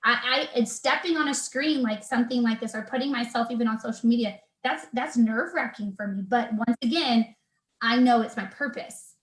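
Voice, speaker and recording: A woman in her thirties, a personal trainer, chats as a guest in a casual video interview, speaking at a fairly high pitch and a little fast. She comes across as earnest and faith-filled, with lots of fillers and restarts. The recording is low quality and sounds roomy.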